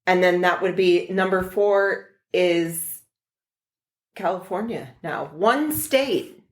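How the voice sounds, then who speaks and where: A woman co-hosting a podcast in casual chat, speaking in an unhurried, chatty way. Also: on the low side, flat delivery. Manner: unhurried, chatty, laughs often. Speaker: podcast co-host.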